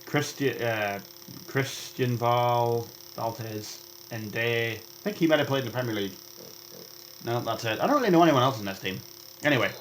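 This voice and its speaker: A young man rambling through gameplay commentary as a vlogger, chatty and excitable, jumping between topics and reacting aloud to the game. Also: mid-range voice, normal speed, slight background noise. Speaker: gaming vlogger.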